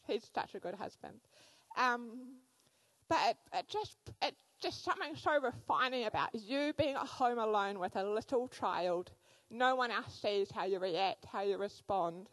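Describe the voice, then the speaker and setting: Lively woman telling sermon stories. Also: on the high side, unhurried, dry recording, poor audio. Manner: animated storytelling with fillers. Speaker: church speaker.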